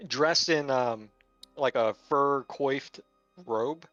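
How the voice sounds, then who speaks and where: Bright-voiced male game master. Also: medium pitch, dry recording, lo-fi sound, soft background music. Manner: halting narration with many fillers. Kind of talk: narrating a tabletop game.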